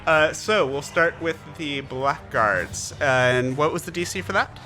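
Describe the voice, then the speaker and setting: A man running a tabletop game as game master, narrating in a relaxed, chatty way with many fillers. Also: on the high side, measured pace, soft background music.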